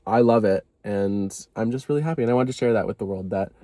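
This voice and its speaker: A vlogger with a low-ish, warm voice talks fast to the camera in a casual confessional video. He rambles, runs himself down, and peppers his talk with "like" and apologies. The recording is dry and studio quality.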